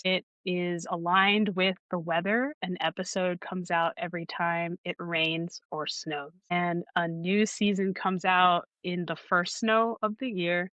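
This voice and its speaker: Bright-voiced woman audiobook narrator. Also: medium pitch, smooth, dry recording, highs cut off. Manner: thoughtful, halting with restarts. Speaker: audiobook narrator and podcast guest. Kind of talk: conversational interview.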